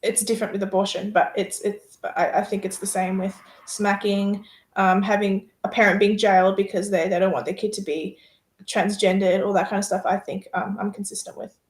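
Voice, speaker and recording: A woman's voice: medium pitch, little pitch movement, brisk, echoey room. A woman talking casually as a guest in a discussion, chatty, using many fillers and trailing off mid-thought.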